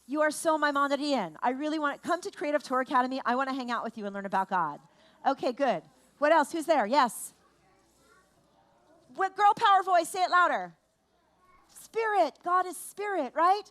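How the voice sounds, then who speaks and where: Woman, high voice, playful and exclaiming, leading a family service, quizzing children, sometimes a bit off-mic. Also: moderate pace. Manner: animated, playful, exclaiming and asking children questions. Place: large room in a temple.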